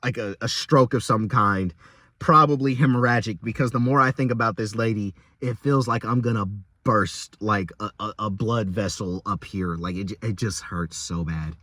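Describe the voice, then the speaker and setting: A young man venting about a rough day at work in a rambling, exasperated casual vlog rant, often stumbling and repeating himself. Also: lowish voice, normal speed, fairly bright tone, dry recording, clean studio sound.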